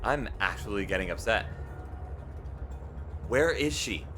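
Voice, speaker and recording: A man chatting casually while live streaming a video game, rambling and swinging between loud pleading and quiet mumbling. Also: fairly low pitch, lively intonation, unhurried, soft background music.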